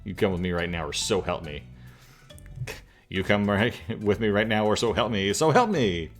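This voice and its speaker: A man's voice: on the low side, steady tone, normal speed, faint music behind, close to an everyday voice. A man voicing a fussy, doting mother cat who scolds her grown son. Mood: scolding.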